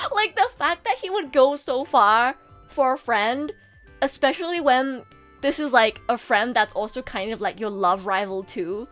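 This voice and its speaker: A woman streamer chatting casually and excitedly, with lots of fillers and swings into near-tearful gushing. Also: high-pitched, unhurried, soft background music. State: emotional, near tears at times. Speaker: VTuber streamer. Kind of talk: casual livestream chat.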